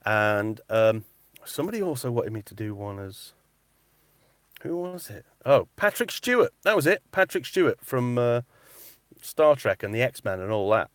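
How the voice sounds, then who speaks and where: A man's voice: mid-range voice, normal speed, dry recording. A man chatting casually on a live stream, reading out comments in a cupboard he uses as a recording booth. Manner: chatty and animated, repeats himself. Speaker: metal-detecting vlogger and voice artist.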